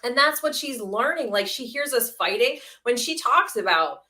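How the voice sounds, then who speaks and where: A woman co-hosting a podcast, speaking earnestly about her own life. Her voice is bright and a little higher than most. She often repeats words and restarts her sentences as she thinks. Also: lively intonation, moderate pace. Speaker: podcast co-host. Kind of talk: candid casual chat.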